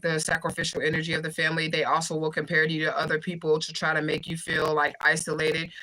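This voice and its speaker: A young woman hosting a livestream, talking fast and bluntly with swearing while she reads out viewer comments. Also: low voice, pushed and bright, rough recording. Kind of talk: fast casual livestream talk.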